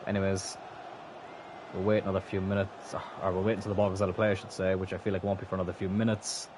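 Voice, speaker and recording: A young man commentating his own football video game match as a streamer, swinging from calm remarks to frustrated, swearing outbursts. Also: sits low, fast talker, background noise. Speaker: gaming streamer. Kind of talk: live gameplay commentary.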